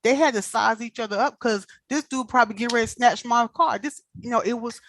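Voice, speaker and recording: A woman in casual chat, telling animated stories and acting out the people she quotes. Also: fairly high pitch, fairly quick, a little hiss or hum.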